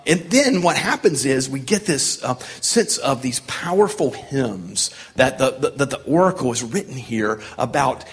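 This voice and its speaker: A man's voice: on the high side, normal speed, few pauses. A man leading a Bible study group, teaching casually with many fillers and acting out sarcastic voices as he reads. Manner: animated, acts out sarcastic voices when reading.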